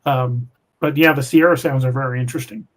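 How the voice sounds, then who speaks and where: A man hosting a podcast, reading viewer comments aloud in a relaxed, chatty way. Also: mid-range voice, a little fast. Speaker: podcast host reading live chat. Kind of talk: casual live-stream chat.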